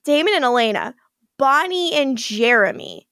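A woman's voice: sits high, very animated, moderate pace, fairly bright tone, dry recording, studio quality. A woman co-hosting a podcast, animatedly retelling a TV episode and acting out the characters' lines with frequent laughter. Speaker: podcast co-host. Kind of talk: casual recap chat.

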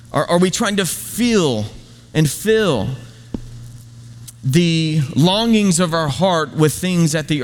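A man's voice: a little high, long reverb tail. A man preaching a sermon as pastor, emphatic and conversational, full of rhetorical questions.

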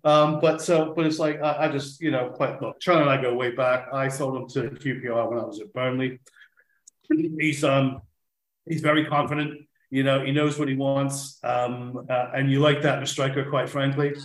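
A man's voice: medium pitch, flat delivery, moderate pace. Guy on a podcast, voice strained, keeps restarting, echoey room. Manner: rambling, full of restarts. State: struggling to speak, throat trouble. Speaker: football club manager guest. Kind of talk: podcast chat.

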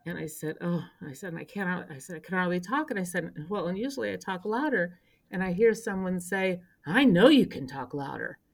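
A woman's voice: on the low side, fairly quick. A woman in her sixties who spent decades in local government, telling a story as a podcast guest, acting out quotes and growing emotional. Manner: animated storyteller, acts out quotes, turns emotional. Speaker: interview guest, longtime local government official. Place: indoor podcast recording.

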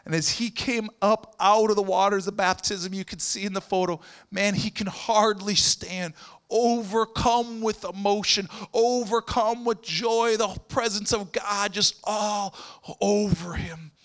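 A man who is a missionary pastor, telling a story as a sermon and swinging between loud preaching and hushed near-whispers. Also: sits high, steady tone, unhurried, smooth.

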